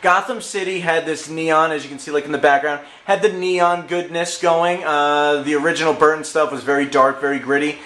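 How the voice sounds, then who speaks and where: A male movie reviewer chats enthusiastically in a casual vlog, full of slang and jokes. His voice is bright and forceful, sitting a bit high. The room is echoey, with a faint hum underneath. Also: fairly even intonation, brisk, hardly any pauses.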